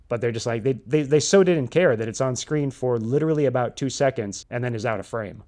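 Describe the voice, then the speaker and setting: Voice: mid-range voice, a little fast, hardly any pauses, darkish tone. A podcast co-host in casual banter, making dry, teasing jokes and asides.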